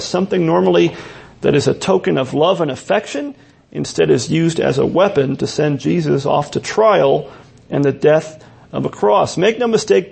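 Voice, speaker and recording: Pastor guy preaching, real gravelly husky voice, kinda high, earnest, keeps restarting lines. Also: darkish tone. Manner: earnest, explanatory, with frequent restarts. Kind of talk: expository sermon.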